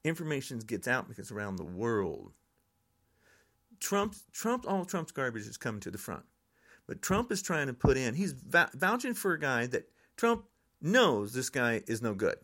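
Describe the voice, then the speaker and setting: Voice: mid-range voice, very animated, moderate pace, fairly bright tone. Older podcaster, fired-up frustrated rant, voice swooping up and down. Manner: frustrated, angry ranting. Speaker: podcast host.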